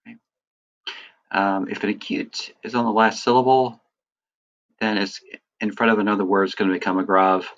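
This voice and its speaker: A man teaching a lesson, talking through examples in a relaxed, explaining way with lots of "uh" and "right". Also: fairly low pitch, moderate pace, pauses often, dull audio. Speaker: Greek teacher. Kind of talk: recorded lecture.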